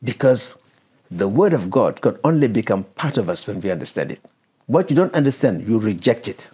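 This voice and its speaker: A man's voice: fairly low pitch, very animated, normal speed, mellow, husky. A man preaching and teaching a Bible passage, stopping the reader to explain verses and question her.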